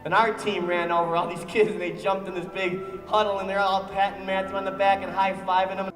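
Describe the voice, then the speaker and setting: A man's voice: high-pitched, monotone, brisk, fairly bright tone, roomy sound, in a large hall, faint music behind. A man giving a motivational storytelling speech, dramatically acting out the people in his story. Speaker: motivational speaker.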